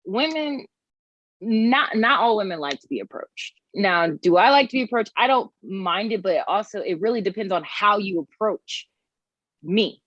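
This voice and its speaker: A woman's voice: mid-range voice, normal speed. Young woman, casual panel chat, lots of filler words, muffled tone, no room echo. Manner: animated storytelling, many "like" fillers. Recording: slightly dull, dry sound.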